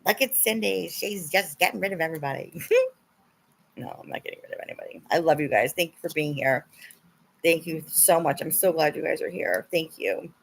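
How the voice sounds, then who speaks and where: Livestreaming to her viewers, a young woman chats, laughs often, and swears when she gets upset. She speaks at a moderate pace in a low-pitched voice that is creaky and slightly rough.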